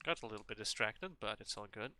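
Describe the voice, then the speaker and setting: A man's voice: on the low side, lively intonation, fast, sharp tone, a little hiss or hum. A man streaming a game and chatting casually in a rambling, sweary, joking way. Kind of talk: casual chat while gaming.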